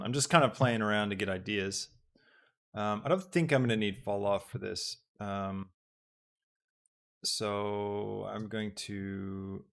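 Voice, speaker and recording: A young man talks through a live software tutorial at his computer. His voice sits low and carries a gravelly fry, and he meanders with frequent ums as he works things out aloud. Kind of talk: live-streamed casual tutorial.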